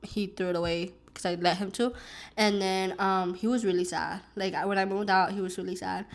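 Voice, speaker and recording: At home, a young female vlogger eats while casually telling a long personal story, wandering off track with many fillers and restarts. She speaks briskly in a mid-range voice with a steady tone.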